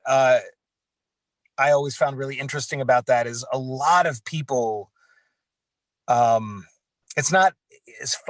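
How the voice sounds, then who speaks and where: A man of middle pitch talks casually in an interview, rambling through his memories of auditions with plenty of fillers. His voice is recorded dry and close. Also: a bit bright, no room sound. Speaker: voice actor.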